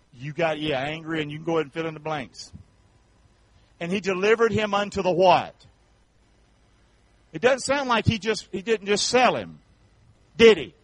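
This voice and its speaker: Fiery preacher with call-and-response. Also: male voice, a little high, low-quality recording. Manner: preaching with call-and-response, swinging from shouts to hushed tones; folksy, colloquial phrasing. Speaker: pastor. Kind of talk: sermon.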